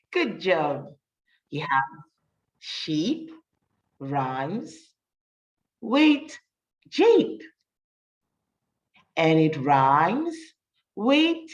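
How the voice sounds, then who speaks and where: A woman storyteller reads to small children at a very slow, deliberate pace, her pitch swooping up and down in a lively sing-song. She is a little distant from the mic. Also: dull audio. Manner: slow, sing-song and encouraging, praises often. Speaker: storyteller and teacher. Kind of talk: reading a picture book aloud to children.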